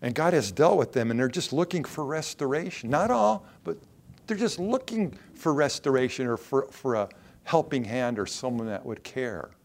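A pastor delivers a sermon in an easy, conversational manner. His voice sits at a middling pitch, and he often turns to the congregation with questions and quick acted-out lines. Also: sing-song. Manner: conversational preaching with rhetorical questions and acted-out quotes.

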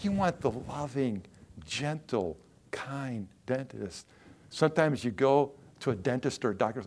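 A man's voice: mid-range voice, sing-song, normal speed, creaky, darkish tone, husky. A man preaching a sermon in a conversational way, asking the listeners questions and acting out short quotes. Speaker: pastor.

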